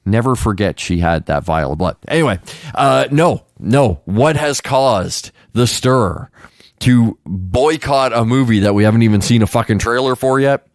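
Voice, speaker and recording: A man's voice: mid-range voice, lively intonation, normal speed, no echo, studio quality. Profane joking male show host. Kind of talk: casual comedic news roundup.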